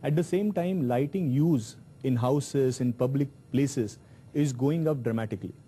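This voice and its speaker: Industry executive, very dark mellow voice, steady factual delivery, faint hiss. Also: male voice, mid-range voice, a little slow. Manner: steady, factual, with many fillers. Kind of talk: panel discussion answer.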